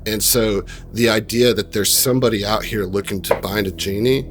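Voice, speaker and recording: A man's voice: lowish voice, steady tone, normal speed. A man narrating as game master, explaining rules and scenes in a rambling, easygoing way. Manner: rambling, explanatory, many fillers.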